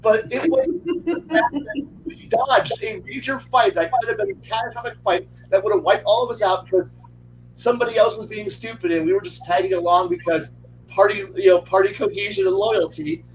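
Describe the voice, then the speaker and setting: A man with a high voice tells a game story to friends on a podcast, swearing freely. He talks fast and casually over a faint hum on the line. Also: low-quality recording. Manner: animated, profane, acts out quotes in pitch jumps. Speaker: podcast panelist.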